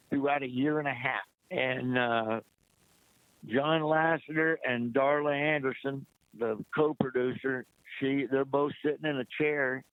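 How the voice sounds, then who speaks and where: A man's voice: mid-range voice, clear, resonant tone, no echo. Man telling stories over a tinny line. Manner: lively anecdote teller who acts out quotes. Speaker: guest comedian. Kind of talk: casual interview storytelling. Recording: dry, tinny phone-like line.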